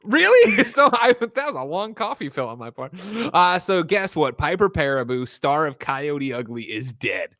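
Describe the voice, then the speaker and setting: A man chatting on a podcast, retelling scenes with jokes and playful asides. His voice is bright and swings widely in pitch, recorded close and dry. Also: moderate pace, few pauses, no room sound. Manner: joking, animated storytelling. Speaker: podcast co-host. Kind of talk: casual chat.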